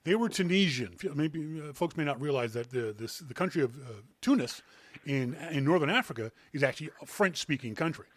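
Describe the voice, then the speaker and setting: A man's voice: on the high side, brisk, dry recording. A Canadian man hosting a podcast, telling stories in a casual chat and laughing often. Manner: animated storyteller, laughs often. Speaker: podcast host.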